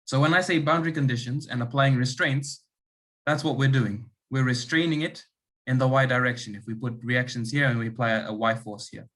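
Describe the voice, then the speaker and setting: A man's voice: mid-range voice, fairly quick, a bit bright. A man running an online engineering lab class, explaining concepts step by step and often checking in with "okay" and "right". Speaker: lab demonstrator.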